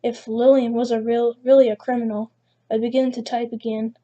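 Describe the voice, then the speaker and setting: A woman's voice: a little high, fairly even intonation, moderate pace, dark tone. A woman narrating a first-person creepypasta story, reading with frequent restarts. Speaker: channel narrator.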